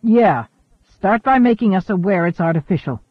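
A man's voice: sits high, lively intonation, dry recording. A man reading as a weary ageless seafarer. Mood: earnest. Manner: earnest, halting. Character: weary ageless male seafarer turned space traveler. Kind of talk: audiobook character reading. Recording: thin phone-like dry audio.

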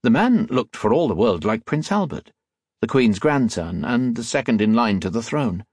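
Guy reading an audiobook, husky voice, dry close sound, steady pace. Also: fairly low pitch, no echo. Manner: steady, measured storytelling. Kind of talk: audiobook narration.

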